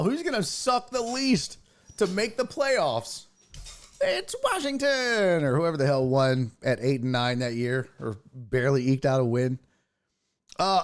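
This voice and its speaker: A man hosting a sports show, ranting casually in a profane, mocking way. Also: fairly high pitch. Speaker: sports podcast host.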